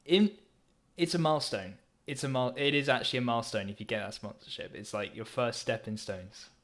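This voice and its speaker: A man's voice: mid-range voice, fairly quick, fairly bright tone. A young man chatting casually on a gaming stream, rambling through his thoughts and laughing often.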